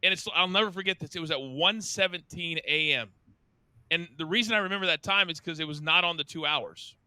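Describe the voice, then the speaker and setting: A middle-aged man hosting a podcast, telling stories with a lively manner and acting out the quotes. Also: a little fast, smooth, no room sound. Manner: lively, acts out quotes with big pitch jumps. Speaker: podcast host. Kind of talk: animated storytelling.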